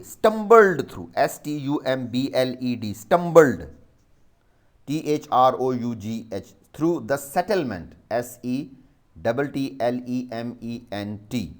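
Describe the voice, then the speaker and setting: A male teacher with a mid-range voice and a Pakistani English accent dictates a vocabulary exercise, spelling out the words letter by letter.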